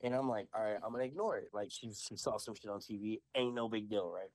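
A young man telling a story in a casual podcast chat, animated and full of swearing. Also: on the low side, fast, no echo. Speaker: podcast host.

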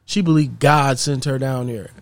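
A man's voice: medium pitch, fairly even intonation, moderate pace, no echo, close to an everyday voice. A man voicing a scornful, spiteful wealthy boss who sneers and gives orders. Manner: sneering and commanding.

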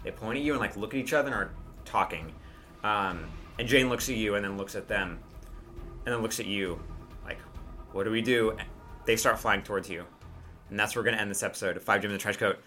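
A man's voice: on the low side, quick pace, sharp tone, soft background music. A man narrating a tabletop game as game master, casual and full of fillers.

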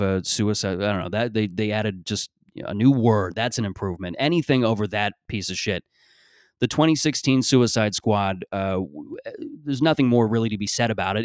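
A man's voice: on the low side, clean tone, dry recording, clean studio sound. A man around thirty hosting a solo podcast, rambling, sarcastic and profane in casual talk. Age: 30s. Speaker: podcast host.

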